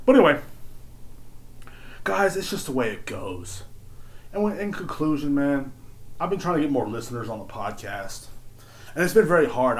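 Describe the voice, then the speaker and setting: A man hosting his own podcast, ranting in a crude, profane, rambling way that swings between loud excited outbursts and low mutters. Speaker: podcast host. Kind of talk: casual solo podcast rant.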